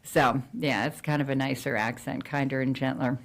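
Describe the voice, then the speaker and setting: A woman's voice: extremely low pitch, steady tone, moderate pace, creaky. A middle-aged woman from New Jersey, a real estate agent chatting casually in an interview, with frequent fillers and restarts.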